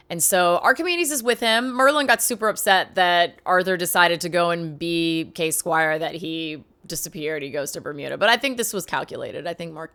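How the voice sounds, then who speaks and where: A woman casually retelling a film's plot as a reviewer, chatty and enthusiastic, tossing in quick character quotes. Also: medium pitch, pushed and bright, clean tone. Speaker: movie reviewer.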